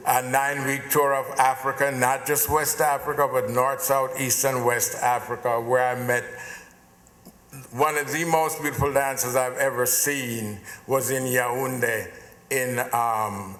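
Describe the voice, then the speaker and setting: An older Jamaican man delivers an award acceptance speech, chatty and self-deprecating, in a voice of middling pitch. His words ring out in a large event hall, the sound roomy with a long reverb tail. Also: fairly even intonation, measured pace, a bit bright. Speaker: award honoree, dancer.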